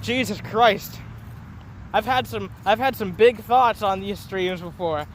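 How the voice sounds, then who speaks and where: A man's voice: high voice, normal speed, a little hiss or hum. A young man ranting into his phone on a solo livestream, rambling, profane and mocking himself. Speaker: streamer.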